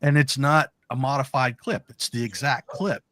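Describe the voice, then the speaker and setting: A man telling a personal story in casual podcast talk, animated and acting out quoted lines. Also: medium pitch, normal speed, dry recording. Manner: animated anecdote with quoted dialogue.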